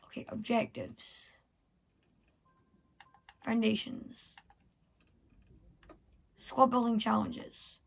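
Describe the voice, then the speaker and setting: A woman's voice: fairly high pitch, steady tone, takes it slowly, pauses often, husky. A woman vlogger thinking aloud as she plays a video game, muttering to herself in casual commentary. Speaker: gameplay vlogger.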